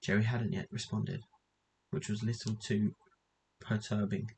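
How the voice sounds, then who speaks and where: A man with a low voice reads a novel aloud at a steady pace. He now and then trips over a word and goes back over it, with a faint hiss under the recording. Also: unhurried, low-quality recording. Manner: steady reading with occasional slips and restarts. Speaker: audiobook reader. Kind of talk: novel reading.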